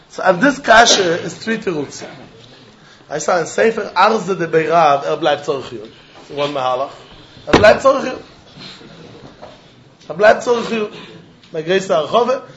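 A man teaching a Talmud class, arguing through the text in an animated way and throwing pointed questions at his students. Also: sits high, muffled recording, slight background noise. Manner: animated, argumentative, mixing Yiddish and Hebrew terms into English.

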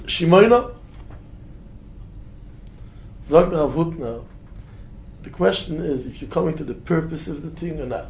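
A rabbi gives a Torah lesson, his male voice lilting into a singsong whenever he quotes verses and rising high to drive home a point.

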